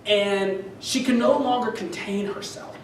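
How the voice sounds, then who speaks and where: A man with a high voice tells stage stories in a dry, self-mocking way, tripping over fillers and restarting his sentences. The sound is roomy and set back from the mic, with a faint ambient hum behind him. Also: unhurried, recorded from a distance. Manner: wry, self-deprecating, many fillers and restarts. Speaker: comedian telling stories. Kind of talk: stand-up storytelling.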